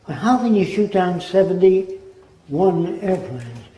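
A man's voice: high-pitched, very animated, takes it slowly, mellow. An older man giving a spoken lecture, emphatic, often dropping into mimicked voices. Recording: roomy echo.

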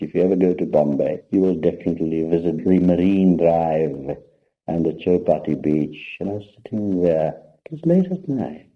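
An older man from India, a spiritual teacher, tells a personal story to an audience in a conversational, anecdotal way. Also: sits low. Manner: anecdotal, conversational, addresses listeners directly. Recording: muffled lo-fi talk recording.

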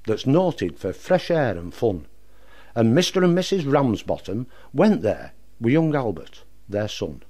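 Lively man reciting a comic poem. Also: mid-range voice. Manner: lively storytelling with broad dialect voices for characters.

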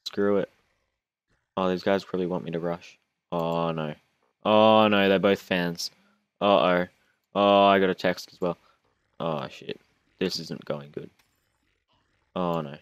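A man's voice: sits low, fairly even intonation, measured pace, long pauses, clean tone, no echo. A young man, chatting and joking through his own gameplay recording, whining and self-mocking as he goes. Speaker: gaming YouTuber. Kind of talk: casual gameplay commentary.

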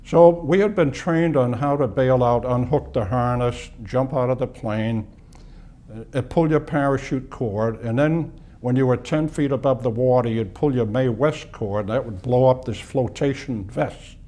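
A man in his eighties from Boston recounts his memories for an oral history interview. His voice is mellow and soft, and he tells his stories unhurriedly, pausing and restarting as he recalls details. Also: medium pitch. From Boston, USA. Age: 80s. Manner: unhurried reminiscing with pauses and restarts. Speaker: interviewee, war veteran.

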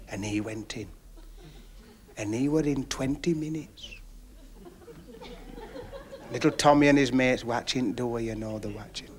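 A man telling a long, chatty joke story on a 1970s TV comedy stage. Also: normal speed. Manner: folksy, chatty tale-spinning that drops low and quiet. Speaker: stand-up comedian. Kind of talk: stand-up storytelling. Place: TV studio stage with audience.

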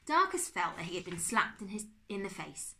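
Woman, teacher, reading a class novel aloud, expressive, animated, lively pitch. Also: normal speed.

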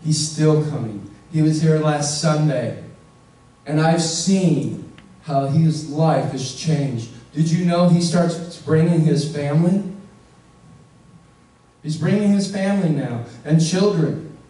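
A male pastor delivers a slow, earnest sermon, stretching out the words he wants to land and putting questions straight to his listeners. His voice sits a little high for a man and has a mellow, soft-edged tone. He is heard from a distance in a very echoey church. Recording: echoey room, voice from far off.

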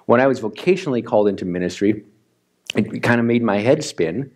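Midwestern male pastor, conversational and animated sermon, mid-pitched voice. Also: fairly quick. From Wisconsin, US. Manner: chatty and animated, acts out his own reactions. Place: church sanctuary.

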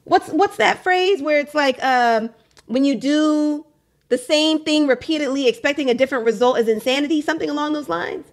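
On her faith podcast, a young adult woman delivers a casual, candid monologue in a high-pitched voice at a moderate pace, frequently laughing and circling back to the same phrases.

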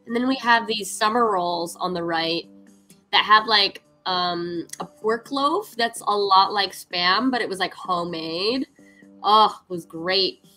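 A woman's voice: medium pitch, a little slow, sharp tone, faint music behind, rough recording. A woman hosting a cooking livestream, chatting casually and upbeat with her viewers, laughing often and using lots of "like". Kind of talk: casual chat to stream viewers.

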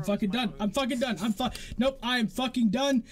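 A man's voice: extremely high pitch, a little fast. A man doing casual gameplay commentary as a YouTuber, frustrated, swearing a lot and talking to his game character. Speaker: gaming YouTuber.

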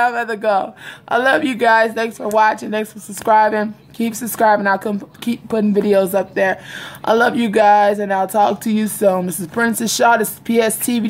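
A woman chatting casually to camera in an animated storytelling style, laughing often. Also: a little high. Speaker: vlogger. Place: home, indoors. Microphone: phone or webcam camera.

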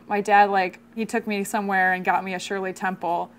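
A young woman comedian telling a childhood story in a wry, casual, deadpan way, with music playing behind her. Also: mid-range voice, fairly quick, few pauses. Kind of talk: comic storytelling.

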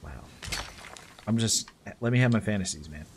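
A man casually chatting while playing a video game with friends, excitable and quick to yelp and laugh at the action. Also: lowish voice, a little hiss or hum. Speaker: gamer streaming with friends. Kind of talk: casual let's-play chat.

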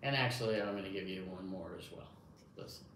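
A man's voice: deep voice, fast talker, a bit bright. A man running a hearing test demonstration, speaking to the listener in an encouraging way, as if to a young child. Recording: echoey room, faint background noise.

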